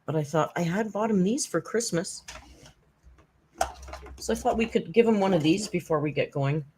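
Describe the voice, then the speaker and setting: A woman from Canada hosting a casual live stream from home, chatty and laughing often as she tells stories with dark humor. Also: low-pitched, slight background noise. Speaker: YouTube commentary host. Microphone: headphones with desk mic.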